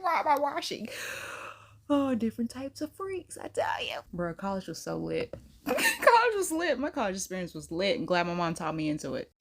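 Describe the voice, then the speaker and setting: A woman's voice: a little high, vocal fry, fairly bright tone. A young adult woman hosting a reaction video, chatting casually in a slangy, laughing storytelling way. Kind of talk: casual chat.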